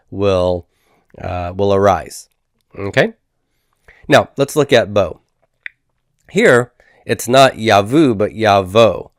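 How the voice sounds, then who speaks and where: A man's voice: on the low side, no room sound. Male lecturer, patient and methodical, resonant voice recorded dry. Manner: patient, explanatory, repeats and drills forms. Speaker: Biblical Hebrew teacher.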